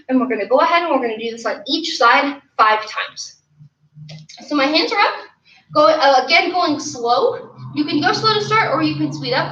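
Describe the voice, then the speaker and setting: A woman's voice: high voice, bright, forceful tone. A woman teaching an online martial arts class, giving upbeat coaching and counting reps aloud. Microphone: camera mic from a distance. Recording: roomy, distant, dull lo-fi sound.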